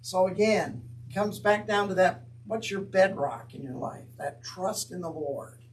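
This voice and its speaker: Earnest high-voiced male Bible teacher. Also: animated, unhurried, far from the mic, a little hiss or hum, rough recording. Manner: earnest, conversational with wry asides.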